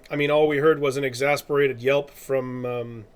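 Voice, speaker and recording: A male streamer talking casually to his viewers at a medium pitch. He rambles, laughs easily, and doubles back on his words as he thinks out loud. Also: gravelly. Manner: chatty, rambling, laughs often, self-correcting. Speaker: streamer and artist. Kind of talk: casual live-stream chat.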